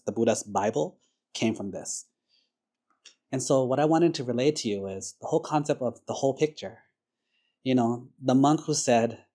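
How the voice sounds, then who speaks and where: A Buddhist monk with a mid-range, dark voice gives a sermon in a conversational, storytelling style. He sprinkles in casual fillers like "like" and "you know" and acts out the characters he quotes.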